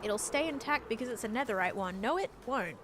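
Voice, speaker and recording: Background noise surrounds a young woman who is live-streaming a game and casually answering viewers, rambling with many fillers and patiently over-explaining to chat. She speaks a little fast, with a fairly high, expressive voice.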